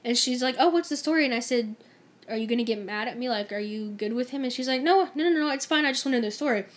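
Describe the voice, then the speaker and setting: High-voiced young woman telling a story. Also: fast. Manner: chatty, emphatic, mimics others in dialogue. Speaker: vlogger. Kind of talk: story-time vlog.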